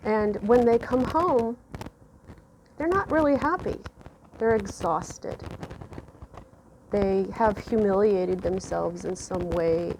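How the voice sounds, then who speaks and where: A woman giving a casual tarot reading, musing slowly with many fillers and restarts. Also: mid-range voice, a little mellow, a little hiss or hum. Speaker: tarot reader.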